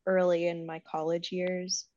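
A woman in her twenties in casual, reflective conversation, soft-spoken and quick to laugh. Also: lowish voice, little pitch movement, no room sound. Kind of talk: casual chat. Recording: dry, slightly dull sound.

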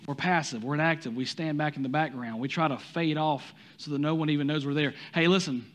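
A man's voice: fairly high pitch, a little fast, fairly bright tone. A man with a Southern US accent preaching a sermon, talking to the congregation with many rhetorical questions and some stumbles. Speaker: pastor.

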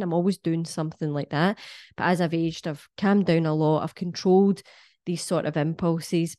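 A Scottish woman in middle age with a lowish, warm voice, talking straight at her viewers. She is blunt and cheeky, swears freely, and lectures in a close, dry sound. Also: dry recording. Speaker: wellness vlogger. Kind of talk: casual monologue to camera.

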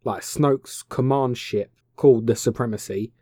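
A man's voice: medium pitch, unhurried, warm tone, dry recording, studio quality. Sarcastic, swearing man recapping a film. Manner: sarcastic, swears freely, voices characters mockingly. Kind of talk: casual profane film recap.

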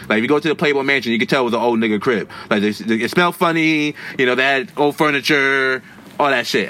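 A man from Haiti hosting a podcast, telling stories in a profane, animated casual chat. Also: mid-range voice, slight background noise. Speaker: podcast host.

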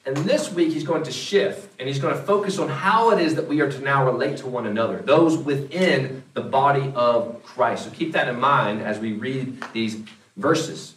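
Pastor guy preaching, kinda high voice, chatty with lots of restarts, mic a bit far off. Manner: conversational preaching with repeated restarts. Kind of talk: sermon. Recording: echoey room, mic at a distance.

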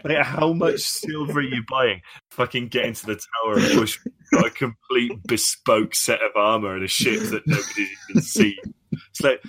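A man's voice: medium pitch, big pitch swings, moderate pace, a bit bright. A man co-hosting a podcast in casual chat, joking and laughing as he talks. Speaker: podcast co-host.

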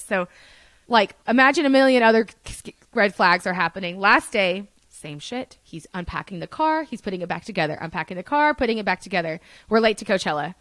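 A young woman telling a casual story as a podcast guest, chatty and animated, swearing freely and saying "like" a lot. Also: mid-range voice, fairly quick, no room sound. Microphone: studio podcast mic.

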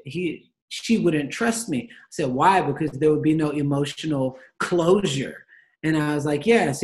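A young man, a guest in a casual conversation, telling stories with passion and acting out the dialogue. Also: fairly high pitch. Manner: passionate storyteller, acts out dialogue.

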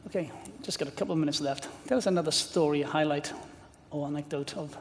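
Man from Wales, interview host, fast talker, short brisk prompts, long hall reverb, faint background noise. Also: fairly high pitch. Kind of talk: interview hosting.

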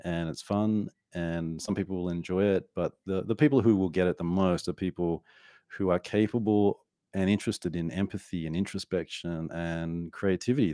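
Author guest, Australian man, 40s, very low voice, dry close sound, playful and animated. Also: no room sound. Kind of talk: podcast conversation.

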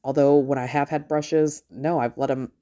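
A woman's voice: extremely low pitch, steady tone, normal speed, warm tone. A middle-aged woman hosting a podcast, talking in a casual, rambling monologue, blunt and swearing freely. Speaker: podcast host.

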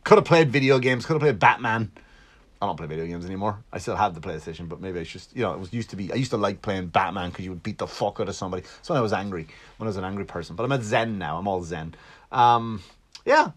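Fast and husky, with a fairly low pitch, this Irish podcast host rambles through a comedic solo monologue recorded at his Long Island home. He keeps it casual, laced with profanity and jokes at his own expense.

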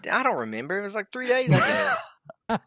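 A man's voice: high voice, wildly swooping pitch, quick pace, pushed and bright, no echo. A man co-hosting a casual podcast, joking and swearing freely. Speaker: podcast co-host.

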